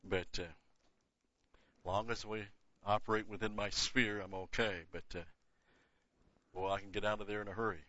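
A man's voice: fairly low pitch, fairly even intonation, moderate pace, pauses often, pushed and bright, no room sound. An older man giving a Bible teaching lecture, emphatic, repeating key words and dropping casual asides. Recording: dull lo-fi dry recording.

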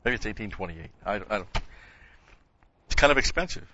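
A man's voice: lowish voice, expressive, a little fast, sharp tone, lo-fi sound, a little hiss or hum. A man teaching an informal Bible class, talking in a rambling, conversational way with folksy asides.

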